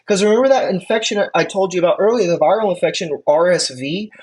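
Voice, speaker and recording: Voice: medium pitch, quick pace, a little mellow. Chatty EMT instructor lecturing casually. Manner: casual, chatty, checks in with listeners; frequent fillers and restarts, conversational asides. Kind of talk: classroom lecture.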